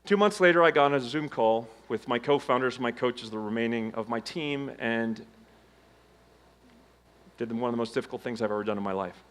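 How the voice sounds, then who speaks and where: A middle-aged man giving a motivational keynote on stage, telling his story with dramatic swings between loud emphasis and hushed low tones. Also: brisk. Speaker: keynote speaker. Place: conference stage before a live audience.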